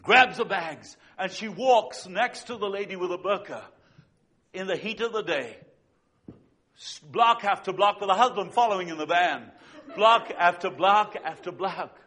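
A man preaching a sermon as a pastor, telling stories with swings between loud and hushed delivery. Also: sits high, measured pace, breathy edge. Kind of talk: sermon with storytelling.

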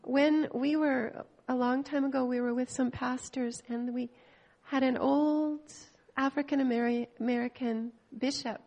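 Older Canadian woman, gravelly voice. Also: high-pitched, fairly even intonation, highs cut off. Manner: emotional, personal, pausing and restarting. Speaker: missionary speaking to a church. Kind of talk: heartfelt church testimony.

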